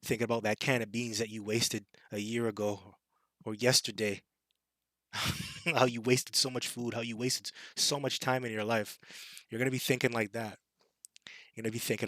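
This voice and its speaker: A man preaches scripture with a bright, forceful edge, scornful and taunting as he warns his listeners. The sound is dry and close, with little room around his voice. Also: mid-range voice, steady tone, normal speed, dry recording. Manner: fiery and taunting, with scornful impressions and laughs. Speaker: street preacher. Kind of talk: scripture sermon.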